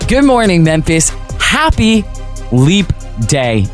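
A man's voice: medium pitch, normal speed, faint music behind. A man hosting a radio morning show, talking casually and upbeat straight to his listeners. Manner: chatty, upbeat, addresses listeners directly. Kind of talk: casual talk radio monologue.

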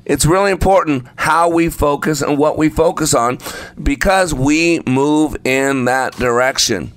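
A man's voice: on the high side, a little slow, a bit bright. A man preaching a sermon, speaking emphatically and repeating phrases for effect. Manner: acts out the story voices while telling it.

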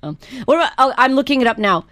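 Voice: high voice, animated, fast, sharp tone. A radio co-host bantering playfully, often laughing.

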